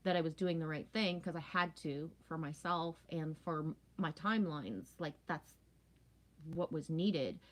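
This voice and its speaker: A woman's voice: deep voice, measured pace. Rambling woman chatting casually with viewers. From Canada. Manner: rambling, talkative, frequent "right?" and "you know what I mean". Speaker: live stream host.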